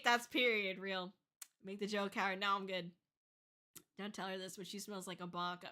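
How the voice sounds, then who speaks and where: A woman's voice: medium pitch, steady tone, normal speed, long pauses, pushed and bright. A young woman chatting on a livestream as a VTuber, laughing often and swearing casually. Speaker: VTuber streamer.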